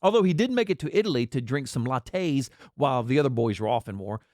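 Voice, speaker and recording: A man's voice: medium pitch, expressive, fast, a little mellow, no room sound, clean studio sound. A man delivering a sarcastic, mocking political commentary rant. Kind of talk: ranting commentary.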